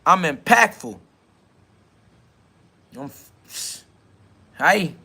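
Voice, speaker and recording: A man's voice: on the high side, animated, very slow, bright, forceful tone, breathy edge. A man hosting a live spiritual self-talk podcast, preaching in a rambling, slangy way and answering comments from his chat. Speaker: podcast host.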